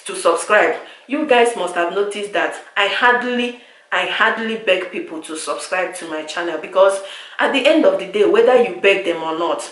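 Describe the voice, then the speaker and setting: Nigerian woman vlogger, frustrated rant to camera, echoey room, mid-pitched voice. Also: a bit bright. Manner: exasperated, repetitive, lapsing into pidgin. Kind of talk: direct-to-camera vlog rant.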